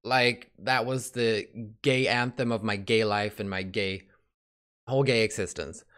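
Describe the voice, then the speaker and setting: Excitable, breathless young man reacting to music. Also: on the low side, unhurried, clear, resonant tone. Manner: excitable, swears, gasps and exclaims. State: a little out of breath. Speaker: K-pop reaction YouTuber. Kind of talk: casual reaction commentary. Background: music playing faintly.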